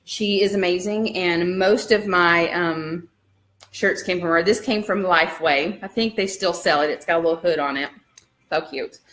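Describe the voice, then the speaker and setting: A woman from the American South chats brightly into her camera at home. Her Southern accent is easy and relaxed, and her talk wanders with lots of "um"s. It sounds like a casual home vlog. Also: fairly low pitch, normal speed. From Alabama, US. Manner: chatty and upbeat, many "um"s. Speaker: vlogger. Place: home living room.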